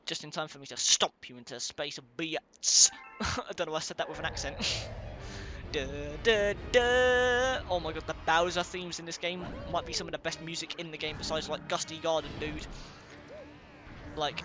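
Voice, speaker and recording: A man casually commenting on his gameplay at home on a headset, rambling and excitable, often apologizing to his viewers. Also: fairly high pitch. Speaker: let's play host. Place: room at home at a gaming chair. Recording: game music clearly behind.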